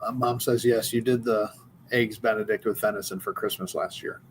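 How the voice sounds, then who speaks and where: A man co-hosting a casual cooking show, reading out viewer comments in a low-key way. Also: steady tone, normal speed. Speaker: show host. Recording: faint background noise.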